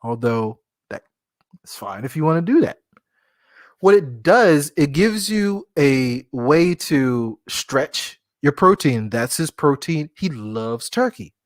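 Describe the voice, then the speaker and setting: A man's voice: on the high side, expressive, takes it slowly, no room sound, studio quality. A man hosting a casual solo podcast, rambling and joking, often laughing at himself. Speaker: podcast host.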